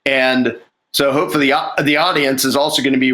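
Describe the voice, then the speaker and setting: A man's voice: mid-range voice, fairly even intonation, fairly quick, fairly bright tone, low-quality recording. A man talking casually about a film script he is writing, rambling with restarts and acting out lines. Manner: rambling, many restarts and fillers, acts out lines. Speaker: screenwriter.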